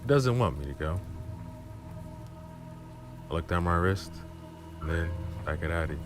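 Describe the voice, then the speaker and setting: Very deep-voiced man reading a story. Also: expressive. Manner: low, slow, intimate. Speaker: storyteller streamer. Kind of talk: dramatic horror story reading. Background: background music and rain.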